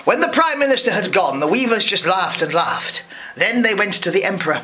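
Man reading a storybook to kids, lively sing-song melody, bright clear voice. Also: sits high, a little fast, slight background noise. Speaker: parent reading to a class. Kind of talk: storybook read-aloud.

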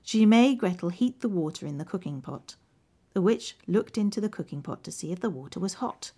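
A woman narrating a children's storybook in an expressive, lively way. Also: fairly low pitch, fairly quick.

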